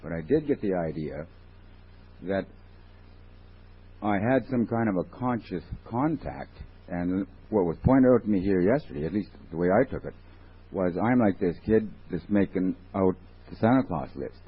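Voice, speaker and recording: A man's voice: sits low, animated, moderate pace, husky. A man sharing at a recovery meeting, rambling and wry, questioning himself as he goes. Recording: tinny lo-fi 1980s tape.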